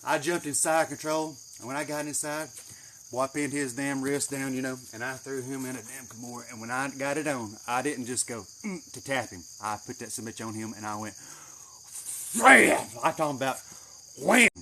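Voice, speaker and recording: A man telling a story in a casual, animated way, swearing heavily as he goes. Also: medium pitch, fairly quick, a little hiss or hum. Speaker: channel host. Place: greenhouse.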